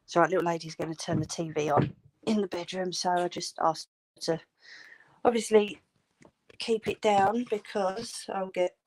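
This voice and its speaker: A woman's voice: medium pitch, darkish tone, slight background noise. A woman hosting a craft live stream, chatting casually and answering her viewers' comments.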